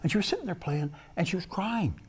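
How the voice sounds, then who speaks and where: Animated man telling his story. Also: sits high, fast talker, breathy edge. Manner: animated, acts out quoted voices, repeats words when excited. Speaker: guest sharing his testimony. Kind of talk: lively personal storytelling. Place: TV studio interview.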